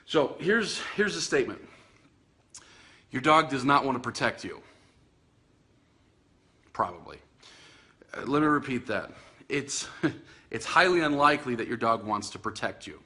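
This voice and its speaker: Bright-voiced chatty male podcast host. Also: medium pitch, sing-song, measured pace, pauses often. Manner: chatty, self-teasing, many fillers and restarts. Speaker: podcast host and dog trainer. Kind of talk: casual video podcast monologue. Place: indoors in front of a Christmas tree.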